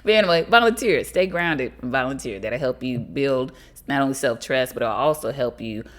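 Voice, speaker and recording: A middle-aged woman from the United States hosting a podcast, giving casual advice straight to her listeners, lively and quick to laugh. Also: very deep voice. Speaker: podcast host.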